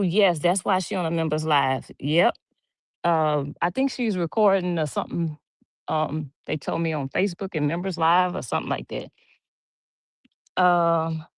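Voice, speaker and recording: A woman's voice: fairly low pitch, vocal fry, no echo. A middle-aged woman from Louisiana with a Louisiana twang, chatting casually on a livestream, reading comments and gossiping with a laugh. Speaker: livestream host. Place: home.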